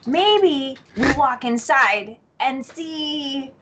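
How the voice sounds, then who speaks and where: A woman in a tabletop game who speaks quickly, directly and skeptically. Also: high-pitched, lively intonation, dull audio, noisy background. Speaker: player. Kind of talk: casual game chat.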